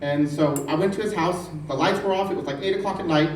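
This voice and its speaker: A man from the United States telling a rambling, profane stand-up story with animated delivery. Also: a little high, fast. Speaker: stand-up comedian. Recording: roomy, distant, noisy.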